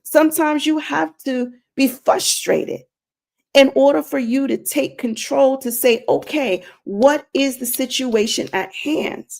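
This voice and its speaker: A woman talks straight to her viewers in a faith-based live stream, earnest and a little preachy. She keeps circling back to her point and repeats it for weight. Her voice sits fairly high with a gravelly, creaky edge. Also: a little slow. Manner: addresses viewers directly. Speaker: inspirational streamer.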